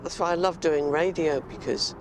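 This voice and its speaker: A woman's voice: on the low side, steady tone, normal speed, background noise. A woman chatting casually with her co-presenter during a road trip in a vehicle, keen on slipping into voices and accents. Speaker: travel show co-presenter.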